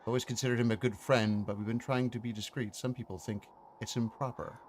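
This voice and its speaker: A man's voice: medium pitch, fairly even intonation, fairly quick, a little hiss or hum, close to an everyday voice. A man voicing a frank young lady of an old manor, speaking in a candid, genteel, old-fashioned way.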